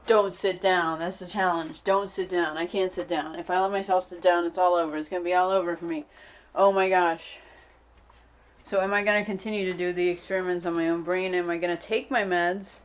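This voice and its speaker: A woman's voice: on the low side, fairly even intonation, normal speed. Anxious rambling woman talking to herself. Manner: anxious, rambling, repeats phrases over and over. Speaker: vlogger. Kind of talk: unscripted self-filmed monologue. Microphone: self-filmed camera.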